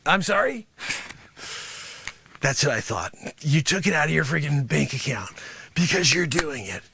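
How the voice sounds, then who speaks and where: A man doing an improv character of a boastful, greedy male karate sensei who scolds and shouts at his students. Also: on the high side, expressive, moderate pace, gravelly, slightly rough, dry recording, heavily acted. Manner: loud, scolding, shouting bursts. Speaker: improv comedian. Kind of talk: improv comedy sketch.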